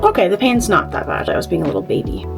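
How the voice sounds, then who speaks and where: A woman's voice: medium pitch, wildly swooping pitch, quick pace, gravelly, over music. A woman vlogging casually at home to a phone camera, chatty and nervous, swearing freely. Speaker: beauty vlogger.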